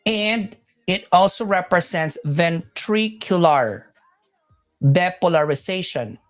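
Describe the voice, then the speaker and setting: A woman lectures on nursing exam topics in a lowish voice. She loops back to repeat each point and corrects herself mid-sentence. She breaks off to chat with viewers, then carries on teaching. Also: expressive, slow pace, faint music behind. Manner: repetitive, self-correcting, chatty with viewers. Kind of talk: live-streamed teaching.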